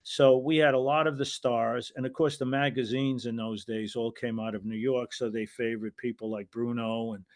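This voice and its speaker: Older man, American, interview guest, rambling storyteller, restarts a lot, middle-pitched voice. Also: steady tone, normal speed, few pauses. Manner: rambling, acts out quoted voices, frequent restarts. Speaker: guest, retired wrestling referee.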